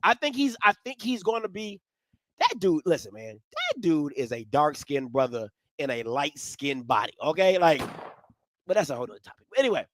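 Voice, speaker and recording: A man hosting a live sports talk stream, swinging from low musing to loud, animated ranting. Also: moderate pace, no room sound. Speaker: sports commentary host.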